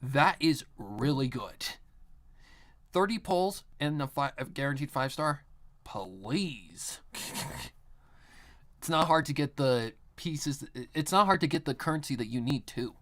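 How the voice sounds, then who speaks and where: A man's voice: medium pitch, lively intonation, a little slow, fairly bright tone. A man chatting casually on a live stream while he works, rambling with a lot of filler words and frequent swearing.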